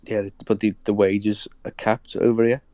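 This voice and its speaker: A man's voice: on the low side, little pitch movement, normal speed, warm tone, no echo. A man chatting casually as a podcast guest, hesitant, with many ums and restarts. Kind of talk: casual chat.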